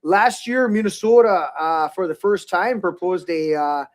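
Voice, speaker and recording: A man's voice: high voice, expressive, measured pace. A man hosting a political talk podcast, rambling in a loose, swearing, casual way. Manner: rambling, swears freely, restarts often. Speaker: podcast host.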